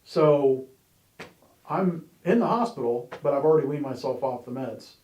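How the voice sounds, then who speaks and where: A man's voice: medium pitch, animated, normal speed, a little mellow, dull audio. A man sharing his personal testimony in a candid, conversational way, with wry humor and plenty of "you know"s. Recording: roomy echo.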